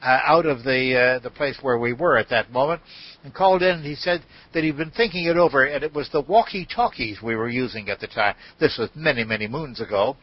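An older man with a husky voice, telling an anecdote as a podcast guest and acting out the quoted speech. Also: medium pitch, a little fast. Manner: storyteller, acts out quoted speech. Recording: dull dry audio.

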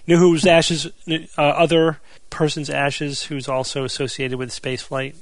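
A man hosting a casual podcast news segment, steadily walking through the news items with relaxed asides. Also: a little high, normal speed, no echo. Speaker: podcast host.

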